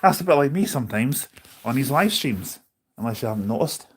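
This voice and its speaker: A man's voice: medium pitch, animated, brisk, slightly rough. A man live streaming from on board a bus, chatting casually, rambling with his opinions and reading out viewer comments.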